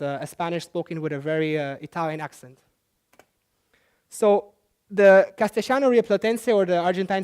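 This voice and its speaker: A man presenting a talk to an audience, explaining at an easy pace with frequent pauses and self-corrections. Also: sits high, a little mellow, clean tone. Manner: halting, with frequent fillers and restarts. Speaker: conference presenter. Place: talk at a language festival.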